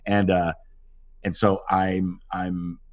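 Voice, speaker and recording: A man with a very low, deep voice tells animated stories from a film set in a relaxed interview. He acts out other people's lines as he goes, and his pitch swings widely through the telling. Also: slow pace. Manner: animated anecdotes with acted-out quotes. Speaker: actor guest. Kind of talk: casual interview storytelling.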